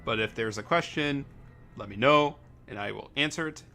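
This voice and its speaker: Bright-voiced young man rambling on stream. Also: medium pitch, moderate pace, vocal fry, faint music behind. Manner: rambling and self-correcting, laughs often. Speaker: streamer playing a game. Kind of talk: casual live-stream commentary.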